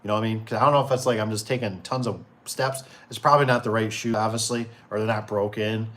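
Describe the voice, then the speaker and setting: Fairly low and a bit bright, this man's voice runs fast with fairly even intonation. He's in his forties, hosting a relaxed livestream for his door and gate company, where he reads out viewer comments and rambles freely, full of fillers and false starts.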